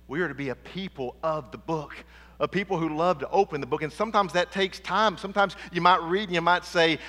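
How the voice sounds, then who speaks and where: A man preaching a sermon in a church sanctuary, his voice high and bright. He is emphatic, asks the congregation for "amen," and sinks low and quiet to drive home a point. A long reverb hangs after his words. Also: normal speed.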